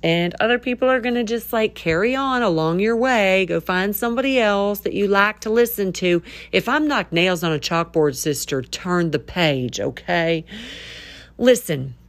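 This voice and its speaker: A young woman hosting a casual faith podcast, excitable and animated, sometimes shouting with enthusiasm. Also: medium pitch, moderate pace, no echo. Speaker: podcast host.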